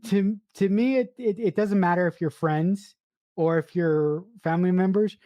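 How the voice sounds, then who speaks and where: A podcast co-host gives firm, opinionated takes in casual chat. Her voice is low and mellow for a woman, recorded dry and close. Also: normal speed, no echo. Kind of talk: casual film review chat.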